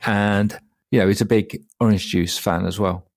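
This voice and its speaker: Gravelly low-voiced man, casual podcast chat. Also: moderate pace, a crowd in the background. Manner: relaxed storytelling, laughs easily. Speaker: podcast co-host.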